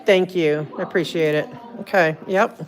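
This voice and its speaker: Woman, Jersey accent, low-pitched, rambling livestream chatter on a phone. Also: fairly even intonation, moderate pace. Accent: New Jersey. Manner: rambling and chatty, full of "like" and restarts. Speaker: streamer. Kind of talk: casual livestream chat.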